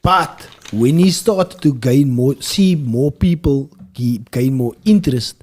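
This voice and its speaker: A man's voice: mid-range voice, takes it slowly, darkish tone. A man co-hosting a casual podcast chat, rambling and repeating words as he works out a point. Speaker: podcast co-host.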